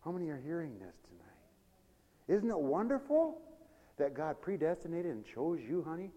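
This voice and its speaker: Animated preacher guy, kinda high voice, swings loud to soft, laughs a lot, big echoey hall. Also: moderate pace. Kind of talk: sermon.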